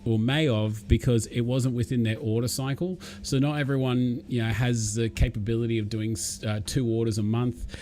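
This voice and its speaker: A man's voice: medium pitch, a little mellow, a little hiss or hum. A man with an Australian accent, chatting casually and rambling as he hosts a live stream and greets viewers by name.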